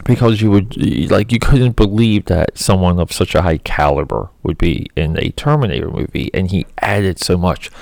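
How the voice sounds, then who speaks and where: A man's voice: low voice, moderate pace, creaky, hardly any pauses, darkish tone, no echo, clean studio sound. A man giving casual, rambling, opinionated movie commentary, full of "you know" and "like". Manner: rambling, filler-heavy, opinionated. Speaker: film commentator.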